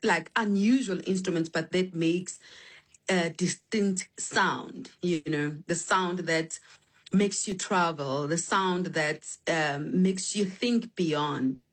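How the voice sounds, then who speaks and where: A woman musician telling stories about her instrument, animated and spiritual, full of restarts and fillers, on a phone line. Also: lowish voice, takes it slowly. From South Africa. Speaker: guest musician. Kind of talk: remote interview.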